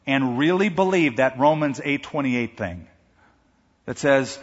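Husky male pastor preaching, voice going up and down a lot, dull recording. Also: mid-range voice. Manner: animated, slows down for emphasis. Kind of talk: sermon. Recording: echoey hall, dull sound.

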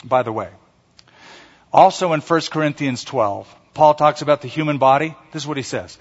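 A man's voice: on the high side, moderate pace. A man preaching a sermon as pastor, acting out quoted voices and leading the congregation in repeating lines. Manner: animated preaching, acts out quotes and calls for congregation response. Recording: dull sound with long hall reverb.

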